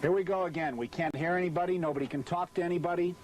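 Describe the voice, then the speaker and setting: Outtakes from an industrial film shoot capture a high-pitched man talking very fast in a steady, slightly mellow voice, with a little background noise. Sweltering beside a car under bright studio lights, he keeps losing his lines and curses nonstop in frustration.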